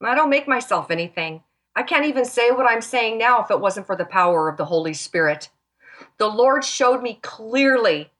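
A woman's voice: on the high side, animated, moderate pace, fairly bright tone. Passionate woman giving a Christian testimony. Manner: passionate, emphatic, near tears. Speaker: talk show guest.

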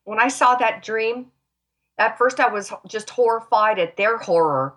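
A woman's voice: a little high, a little slow, a bit bright. A woman speaking as a talk show guest, sharing an emphatic, emotional Christian testimony and sounding close to tears. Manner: passionate, emphatic, near tears.

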